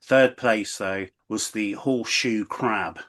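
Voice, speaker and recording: A man's voice: lowish voice, slow pace, a bit bright. A man co-hosting a podcast, chatting casually and stumbling through restarts and fillers as he tells a story. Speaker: podcast co-host. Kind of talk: casual chat.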